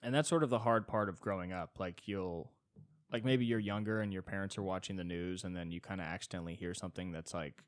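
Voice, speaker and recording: A man's voice: deep voice, fairly quick, clear, resonant tone, no echo, studio quality. A man from the Southern California suburbs, rambling through a solo podcast monologue, tired and yawning, self-deprecating and cursing as he acts out what others say. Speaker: podcast host.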